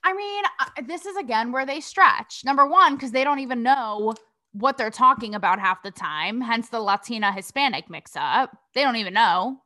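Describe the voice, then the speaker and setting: A bright, tense-sounding young woman from Connecticut runs a casual commentary podcast. She talks bluntly and sassily, swears freely and fires off rhetorical questions, and her voice sits a little high for a woman. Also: animated, moderate pace. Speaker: podcast host.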